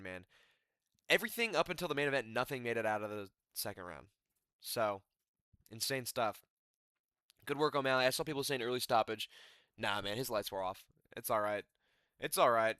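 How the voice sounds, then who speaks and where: Young male, animated casual fight-recap voice, bright and dry, slangy rambling delivery. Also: mid-range voice, clear, resonant tone, no echo. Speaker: MMA commentator.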